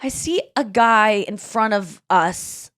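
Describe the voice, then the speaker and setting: A woman's voice: mid-range voice, slow pace. A woman in her thirties hosting a podcast, chatting casually and acting out the voices of people in her stories. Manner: animated storytelling, acting out quoted voices. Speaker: podcast host. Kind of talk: casual chat.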